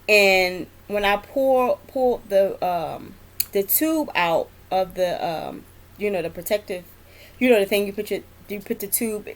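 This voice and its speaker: A young adult woman, a nurse, telling work stories in a casual, rambling vlog with many fillers and laughs. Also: mid-range voice. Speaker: vlogger, nurse.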